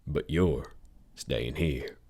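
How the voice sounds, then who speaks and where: A man voicing a gruff, protective pilot with a folksy drawl. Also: extremely low pitch, very slow, darkish tone, exaggerated voice.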